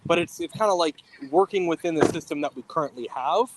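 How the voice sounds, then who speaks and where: A man's voice: a little high, fast talker, a little hiss or hum, rough recording. A man co-hosting a casual talk show, speaking with hesitant restarts as he explains his own work. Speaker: podcast co-host. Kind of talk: casual chat.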